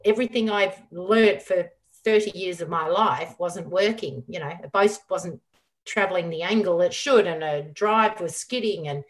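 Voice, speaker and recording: A middle-aged woman, a guest on an interview show, telling a lively story full of quoted dialogue. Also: fairly low pitch, moderate pace. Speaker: guest, former squash champion.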